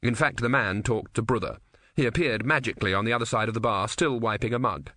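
A male narrator reads a comic novel in a dry, measured way. His voice is bright and forceful. It is recorded close and dry, with no room sound. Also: mid-range voice, dry recording. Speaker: audiobook narrator. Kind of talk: scripted narration.

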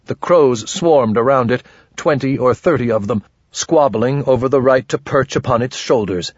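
A man narrating an audiobook in first person with a dry, grumbling, wry manner and a husky voice. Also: medium pitch, normal speed, dry recording, dull audio.

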